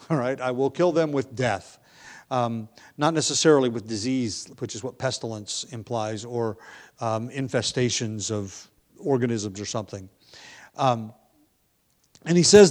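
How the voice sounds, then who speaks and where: A man preaching a verse-by-verse sermon, reading scripture with rising emphasis and slipping into relaxed asides with ums and light laughs. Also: medium pitch, moderate pace. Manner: conversational with filler ums and restarts. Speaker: pastor. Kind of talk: expository sermon.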